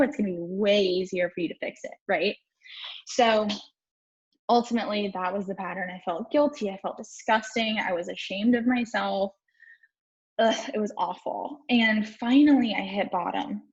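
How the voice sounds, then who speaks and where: A woman's voice: medium pitch, moderate pace, breathy edge. A young woman life coach telling her own story on a live stream, frank and swearing casually as she talks to viewers. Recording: dull lo-fi stream audio.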